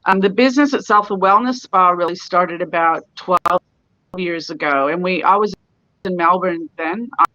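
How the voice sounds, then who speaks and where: A woman's voice: fairly low pitch, normal speed, pushed and bright, no room sound. A middle-aged woman from California, a spa owner chatting as a guest in a remote interview. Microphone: video call. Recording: dull lo-fi call audio.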